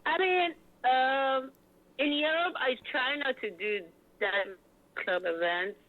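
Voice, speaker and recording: A woman event host telling stories in an animated, hyped way, full of fillers, in a casual interview. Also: high voice, slow pace. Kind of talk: lively interview chat. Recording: tinny phone-like line.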